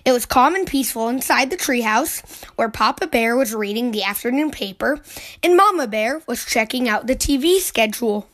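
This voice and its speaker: A woman reading a children's picture book aloud, giving the characters lively, excited voices. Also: fairly high pitch, normal speed.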